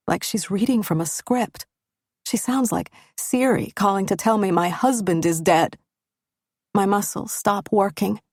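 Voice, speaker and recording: A woman's voice: medium pitch, vocal fry, dry recording. A woman reading a first-person thriller audiobook with intimate, tense storytelling on a studio mic. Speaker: audiobook narrator.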